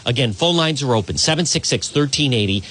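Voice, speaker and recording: A man's voice: medium pitch, animated, brisk, fairly bright tone. A man hosting a live call-in talk radio show, rambling and digressing as he chats.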